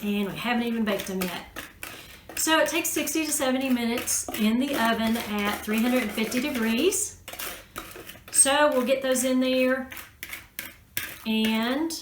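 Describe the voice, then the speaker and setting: Woman hosting a home cooking vlog, chatty and homey, higher voice, echoey kitchen with faint sizzling. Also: fairly bright tone, a little hiss or hum. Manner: chatty and homey, folksy phrasing. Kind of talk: casual cooking tutorial.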